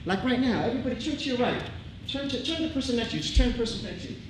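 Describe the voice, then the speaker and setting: A man's voice: very high-pitched, expressive, rapid-fire. Echoey emphatic man on stage. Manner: emphatic, repetitive, casual street talk. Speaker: speaker at a tribute show. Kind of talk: heartfelt stage speech. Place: theatre stage. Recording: echoey hall, live crowd noise.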